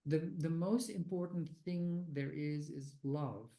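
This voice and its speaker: An older man being interviewed as a guest, speaking haltingly with many fillers and restarts. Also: a little high, gravelly, a crowd in the background, rough recording. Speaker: guest researcher of near-death experiences. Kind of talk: conversational interview answers.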